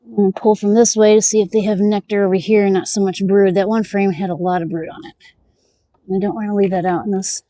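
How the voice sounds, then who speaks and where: A woman's voice: mid-range voice, level tone, fast talker, warm tone, no echo. A woman beekeeper narrating her hive inspection outdoors in a casual, chatty way, muttering asides to herself and talking to her bees. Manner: talks to the bees. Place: outdoors by a beehive.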